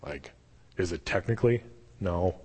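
A young man preaching a sermon in a casual, animated storytelling way. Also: deep voice, normal speed, breathy edge. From Canada. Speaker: pastor. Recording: long hall reverb.

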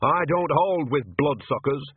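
A man doing a loud, bawdy old witch woman. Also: a little high, expressive, unhurried, breathy edge, no echo, heavily acted. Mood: brash. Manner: shouting, blunt and cheeky. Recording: tinny phone-like dry audio.

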